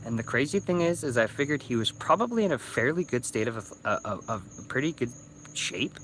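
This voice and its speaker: Guy around 30, kinda buzzed, rambling and cursing, bright forceful voice, faint crickets behind. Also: medium pitch, big pitch swings, brisk, slight background noise. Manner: rambling, stumbling restarts, swearing. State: a little drunk. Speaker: YouTuber. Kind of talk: casual ranting vlog. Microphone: phone.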